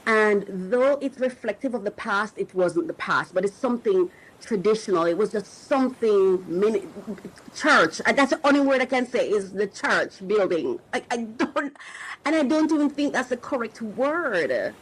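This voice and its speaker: A woman's voice: mid-range voice, expressive, normal speed, breathy edge, rough recording. A middle-aged woman hosting a podcast, talking in an emotional, searching way about faith, often restarting as she looks for words. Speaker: podcast host and coach. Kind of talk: reflective spiritual talk to listeners.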